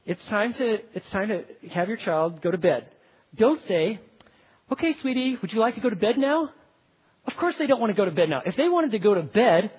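A man teaching parenting in sermon style, animated, often checking in with "okay?". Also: high-pitched, husky. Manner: animated, acts out parents and kids, keeps asking "okay?". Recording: dull, lo-fi hall with long reverb.

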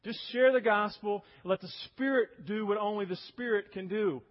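A man's voice: high voice, moderate pace, highs cut off. A man preaching a sermon, emphatic, acting out quoted voices as he goes. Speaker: pastor.

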